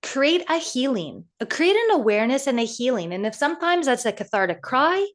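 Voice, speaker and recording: A woman hosting a podcast and working as an intuitive coach, talking in a casual interview with eager, animated storytelling. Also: sits high, fairly quick. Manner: animated, enthusiastic storytelling with acted quotes.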